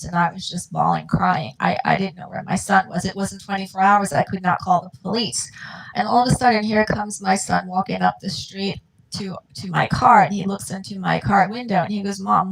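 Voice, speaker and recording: Gravelly-voiced mother telling a heartfelt story. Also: mid-range voice, fairly even intonation, normal speed, low-quality recording. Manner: earnest, heartfelt, acts out quoted dialogue. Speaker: guest, mother of a dyslexic child. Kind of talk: emotional personal storytelling.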